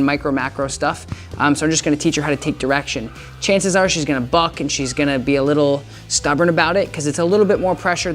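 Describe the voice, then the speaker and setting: Chatty dog trainer vlogging a session, lots of "good girl", faint music behind. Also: mid-range voice. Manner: upbeat, chatty, praises the dog often. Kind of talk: casual training vlog. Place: indoor room with a dog crate.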